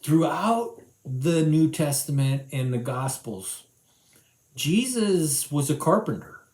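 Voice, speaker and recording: Animated man retelling a Bible story. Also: fairly high pitch, slow pace, reverberant. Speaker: children's Bible teacher.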